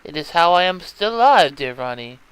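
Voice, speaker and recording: A man's voice: on the high side, very animated, moderate pace, fairly bright tone, clean tone, poor audio. A man voicing a gloomy, fanciful schoolgirl, with stiff, formal, theatrical phrasing. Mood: melodramatic.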